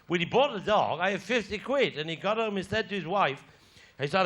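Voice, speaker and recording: A man's voice: sits high, animated, fairly quick, fairly bright tone. A man with a Cornish accent telling bawdy stand-up stories in a broad, yarn-spinning way. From Cornwall. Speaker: stand-up comedian. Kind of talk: stand-up storytelling.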